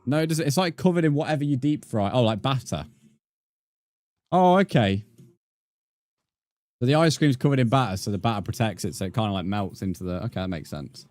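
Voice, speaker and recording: A man's voice: medium pitch, lively intonation, fairly quick, long pauses, darkish tone, dry recording. A young man streaming, chatting casually with viewers, swearing freely and calling them mate. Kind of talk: casual live-stream chat.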